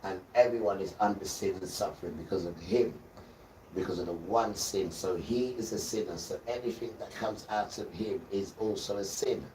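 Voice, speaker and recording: A man's voice: sits low, normal speed, darkish tone, recorded from a distance. A man giving a rambling, preachy religious talk on a live stream and calling his viewers guys. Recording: roomy sound from away from the mic, faint noise.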